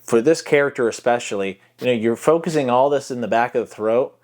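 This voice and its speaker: In a tutorial vlog, a man coaching voice acting speaks briskly in a slightly mellow mid-range voice. His explanations of technique are loose and demonstrative, heavy on fillers, delivered close to a mic he occasionally touches.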